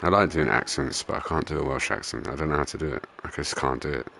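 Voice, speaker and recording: A man's voice: extremely low pitch, fast talker, creaky, sharp tone, slight background noise. A young man swearing, laughing and ranting in casual live-stream commentary while racing. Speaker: gaming streamer.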